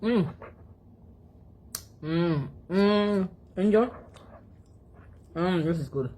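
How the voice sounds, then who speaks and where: A woman from Africa, a vlogger, chats casually to her phone and her dog between bites, humming as she chews in this eating vlog. Her voice is fairly low and dark in tone, and she speaks very slowly.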